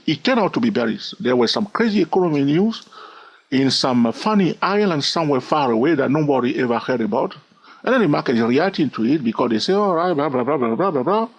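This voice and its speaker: A man teaching a trading lesson, animated and asking the listener rhetorical questions. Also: a little high, a little fast, slightly rough. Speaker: trading educator. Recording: dull lo-fi audio.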